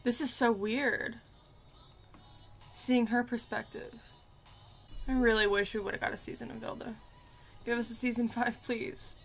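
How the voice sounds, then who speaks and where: Emotional young woman reacting with creaky exclamations. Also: a little high, little pitch movement, measured pace, long pauses, soft background music. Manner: emotional, gasping and exclaiming, talking to herself. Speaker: reaction video host. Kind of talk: casual reaction commentary.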